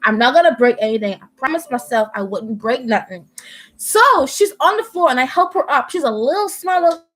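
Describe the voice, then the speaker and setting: A young Bahamian woman chatting at home on a live stream, telling an animated story and often laughing. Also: sits high, fairly quick, poor audio. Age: young adult. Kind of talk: casual chat, storytelling. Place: at home indoors.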